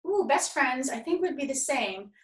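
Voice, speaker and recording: A woman's voice: sits high, lively intonation, normal speed. A young woman leading a drama workshop for kids from home, upbeat and encouraging. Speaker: acting teacher. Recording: echoey home room.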